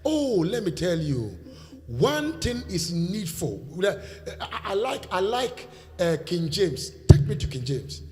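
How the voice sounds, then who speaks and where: A Nigerian man preaching a sermon in a church hall, leading call-and-response and breaking into shouts. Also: sits high, very animated, takes it slowly. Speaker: pastor. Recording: reverberant church hall, faint music.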